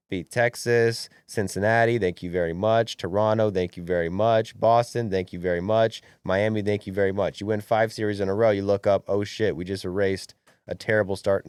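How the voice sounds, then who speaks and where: A young man co-hosting a podcast in casual sports chat, brash and animated, swearing freely. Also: fairly low pitch, smooth, dry recording. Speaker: podcast co-host.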